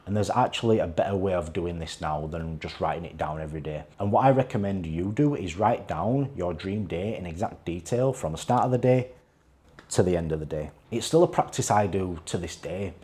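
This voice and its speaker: Male vlogger, fitness coach, earnest motivational delivery, lowish mellow voice. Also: expressive, fairly quick. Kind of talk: motivational talking-to-camera vlog.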